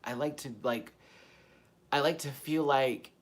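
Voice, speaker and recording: A man's voice: medium pitch, measured pace. Candid, swearing man on a live Q&A. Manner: candid, expressive, swears freely; swings between loud animated bursts and soft, quiet asides. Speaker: YouTube host answering viewer questions. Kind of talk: casual live-stream Q&A chat.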